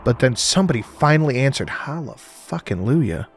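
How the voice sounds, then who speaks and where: A man's voice: medium pitch, very animated, moderate pace, breathy edge. A man narrating a horror audiobook in a dramatic, conversational first-person voice.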